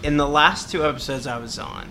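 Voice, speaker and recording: A man, a podcast guest, pitching a movie trailer in a rambling, animated way, swearing often. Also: fairly quick, vocal fry, a little hiss or hum. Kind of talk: casual chat, pitching a movie.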